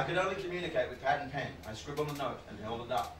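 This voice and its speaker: A man's voice: mid-range voice, quick pace. Stand-up guy telling a story, voice jumps all over, echoey far mic, noisy. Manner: animated, punchy delivery with sudden loud outbursts. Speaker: comedian.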